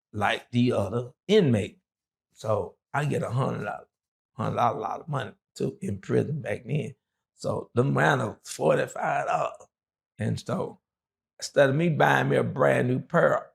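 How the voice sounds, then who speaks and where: A middle-aged man, an interview guest and former prisoner, telling his story in a loose, rambling way full of fillers. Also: mid-range voice. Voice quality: gravelly.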